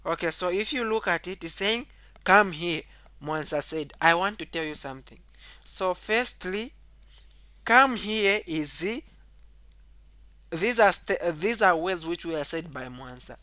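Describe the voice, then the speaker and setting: Bright-voiced male teacher explaining punctuation. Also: expressive, unhurried, no echo. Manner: explains step by step, repeats points, says okay often; reads example sentences aloud louder and higher. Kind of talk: whiteboard grammar lesson.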